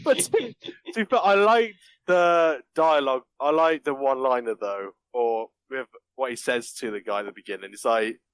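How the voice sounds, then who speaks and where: A man's voice: medium pitch, normal speed, clear, resonant tone, dry recording. A man chatting casually on a podcast, laughing often and acting out movie lines in mock voices. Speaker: podcast guest reviewing a film. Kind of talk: casual chat.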